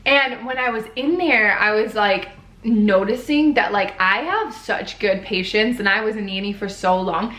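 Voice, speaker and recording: A woman's voice: mid-range voice, a little slow, fairly bright tone, roomy sound. A young woman talking casually in a video diary, chatty and tired, filling her talk with "like". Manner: chatty, heavy use of "like", tired. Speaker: vlogger.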